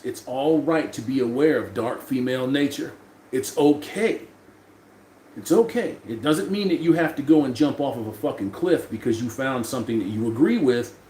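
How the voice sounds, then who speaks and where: With a warm, mid-range voice, this livestream host reads out chat messages and riffs back at them casually, cursing freely. The recording has a roomy echo and some faint room noise.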